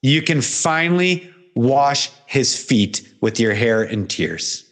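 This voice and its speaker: A man's voice: animated, slow. A man, a pastor hosting a guest, preaching fervently in conversation with repeated litanies. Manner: fervent, repetitive litanies, swings from loud peaks to low murmurs.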